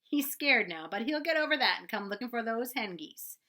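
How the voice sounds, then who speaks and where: A woman voicing an easygoing farmer father who speaks calmly. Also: fairly high pitch, fairly quick, pitched above the performer's own voice.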